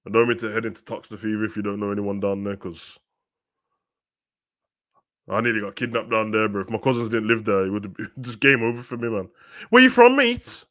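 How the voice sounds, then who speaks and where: A young man hosting a live football watch-along, chatting in slang and rising to loud, excited play-by-play. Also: on the low side, fast talker.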